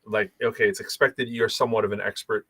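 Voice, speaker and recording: A man from Boston with a light Boston accent co-hosts a podcast, chatting casually and telling rambling, animated stories full of restarts. He has a fairly low pitch and talks fast, with no room sound.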